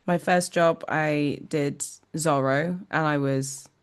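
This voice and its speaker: Brief: young adult woman, low pitch, chatty interview guest, laughs easily, "um" and "like" throughout. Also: fairly even intonation, slow pace, smooth. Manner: chatty, laughs often, many fillers. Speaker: musical theatre actor, guest. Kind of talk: casual interview chat.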